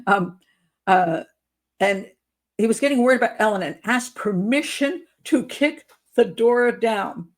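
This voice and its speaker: A woman's voice: on the high side, lively intonation, unhurried. A woman giving commentary as a criminal profiler, sarcastic and incredulous as she talks.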